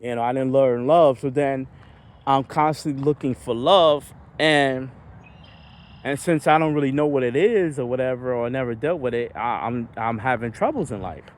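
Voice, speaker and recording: A man talking through his feelings in a reflective personal vlog, halting and searching for words. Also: mid-range voice. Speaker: vlogger.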